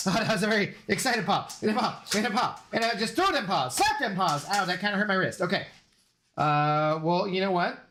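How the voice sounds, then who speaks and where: A man's voice: high voice, pushed and bright, slight background noise. A man live-streaming from home, chatting casually with his viewers, greeting them by name and joking around. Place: home room.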